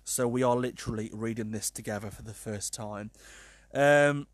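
A man hosting a casual podcast monologue, animated and sweary, laughing at his own jokes. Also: lowish voice, fairly quick, no echo. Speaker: podcast host.

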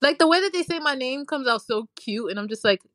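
Woman co-host, casual podcast banter, animated, mid-pitched, dry close sound. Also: brisk, no room sound. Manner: chatty, animated storytelling with playful voice imitations. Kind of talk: casual chat.

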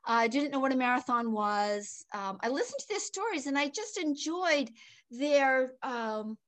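An older woman telling a personal story in conversation, animated and laughing often, swinging between excited and hushed. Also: high-pitched, measured pace. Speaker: guest.

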